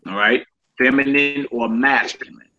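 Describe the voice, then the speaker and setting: A man teaching a casual Hebrew vocabulary lesson, saying each word slowly and repeating it, with relaxed slang asides to his listeners. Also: mid-range voice. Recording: dull lo-fi sound.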